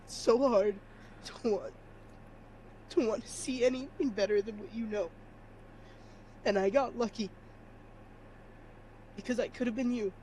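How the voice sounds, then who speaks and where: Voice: medium pitch, steady tone, a little slow, pauses often, warm tone, a little hiss or hum, close to an everyday voice. A player voicing a grieving male furry creature hero, crying and pleading in a broken voice.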